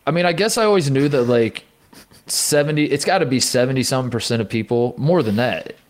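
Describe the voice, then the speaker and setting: A man co-hosting a sports podcast in relaxed, casual chat. He rambles, jokes and laughs often, and his voice sits at an ordinary middle pitch. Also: brisk. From Indiana. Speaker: podcast co-host.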